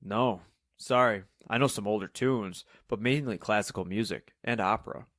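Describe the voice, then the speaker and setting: Man playing a polite elderly gentleman, formal, emphatic, low voice, dry. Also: normal speed, no room sound, close to an everyday voice. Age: older.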